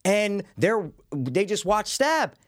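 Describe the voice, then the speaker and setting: A man in his thirties, co-hosting a casual movie discussion, ranting with animated swearing. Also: high-pitched. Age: 30s. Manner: animated, swearing, fast-building rants. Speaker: podcast co-host.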